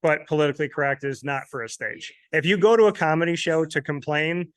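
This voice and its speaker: A man's voice: on the high side, a little fast, a bit bright, smooth, no echo. A chatty man hosting a casual sports interview, laughing often. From Syracuse, New York. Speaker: interviewer and show host.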